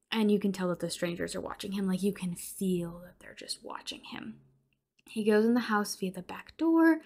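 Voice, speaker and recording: A young woman hosting a podcast, casually recapping a horror film with lots of fillers and swearing, sometimes dropping to a whisper. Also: medium pitch. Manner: chatty, swears, many fillers like "like"; drops into whispers for tense moments. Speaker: podcast host.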